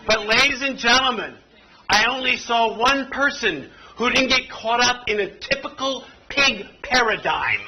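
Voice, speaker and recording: A man with a very high voice leads a playful, interactive workshop, spinning a story for people seated at tables. He jokes easily with the room. The recording carries clear background noise. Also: lively intonation, measured pace. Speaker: workshop presenter. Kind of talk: interactive training demonstration. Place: conference room with audience at tables.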